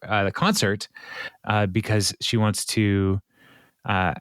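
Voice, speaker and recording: A man hosting a podcast, casually recapping an episode, rambling with lots of ums and uhs and quick laughs. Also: fairly low pitch, no echo, studio quality. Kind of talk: casual chat.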